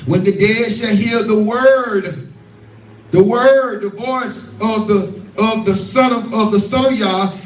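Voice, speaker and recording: A man's voice: high-pitched, slow. A man preaching a scripture teaching, repeating lines and calling out to his listeners. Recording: echoey room, voice from far off.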